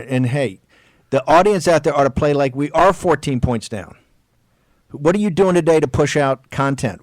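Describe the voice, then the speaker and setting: A man of middle pitch hosting political talk radio in a hard-driving, exhorting manner. He leans on stressed words and stretches them out, and restarts phrases as he pushes on. The sound is dry and close to the mic. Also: darkish tone, dry recording.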